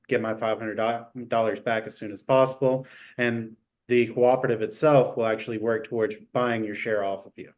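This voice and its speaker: A man co-hosting a casual livestream Q&A, answering viewer questions in a measured, explanatory way. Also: mid-range voice, darkish tone. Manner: measured, explanatory, uses fillers like "so ultimately".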